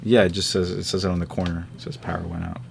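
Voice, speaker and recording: Low-voiced rambling podcast host, a man. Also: level tone, quick pace, vocal fry, slight background noise. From New York area. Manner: rambling, swears freely, many fillers. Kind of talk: casual chat over a call.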